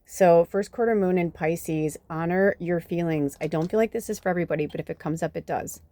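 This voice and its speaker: A woman's voice: on the low side, fairly quick, warm tone. A woman hosting a spiritual reading channel, telling a story in a loose, chatty way with lots of fillers and casual swearing. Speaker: spiritual reader, channel host.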